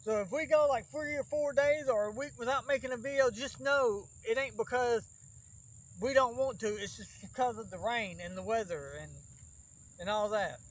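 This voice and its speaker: A man's voice: extremely high pitch, rough recording. A man with an Alabama accent hosting a backyard wrestling vlog, rambling and fretting with many restarts. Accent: Southern US, Alabama. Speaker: backyard wrestling show host. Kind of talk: casual rambling vlog talk.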